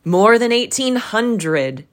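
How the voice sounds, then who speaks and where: Ghost of Christmas Present, booming and jolly, as a woman puts him on. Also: unhurried. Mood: jovial, grand. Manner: hearty, loud, commanding. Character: jolly booming male giant spirit.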